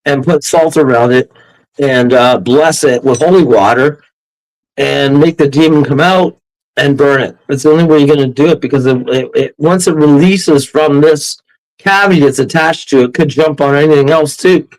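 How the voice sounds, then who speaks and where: A man quoting an urgent spirit clearer. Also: fairly high pitch, moderate pace, natural voice, low-quality recording. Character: urgent woman spirit clearer, grave and insistent.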